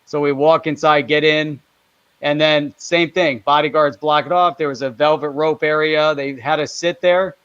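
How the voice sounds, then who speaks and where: A man co-hosting a live online show, telling a travel story in a relaxed, easygoing way. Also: on the high side, normal speed, smooth, no room sound, muffled recording. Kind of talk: casual storytelling chat.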